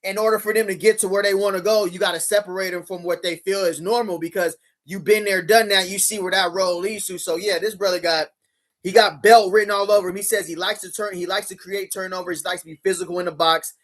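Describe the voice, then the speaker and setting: A man with a fairly high voice hosts a casual livestream. He talks loose and slangy, full of hype, and keeps turning to his chat. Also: steady tone, fast talker, a bit bright. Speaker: livestream host. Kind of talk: casual livestream reaction commentary.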